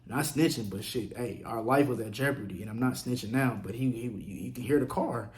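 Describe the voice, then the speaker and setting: A man casually telling a story on his vlog, profane and animated, acting out what others said. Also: mid-range voice, brisk. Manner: profane, animated, acts out quotes. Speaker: vlogger.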